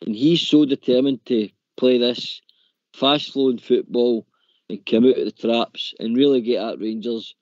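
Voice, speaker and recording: A man's voice: medium pitch, fairly even intonation, measured pace, a little mellow, no echo, dull audio. Opinionated man hosting a football phone-in. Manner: opinionated, repeats words, says "mate" and "in my opinion". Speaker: phone-in host. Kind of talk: casual football phone-in chat.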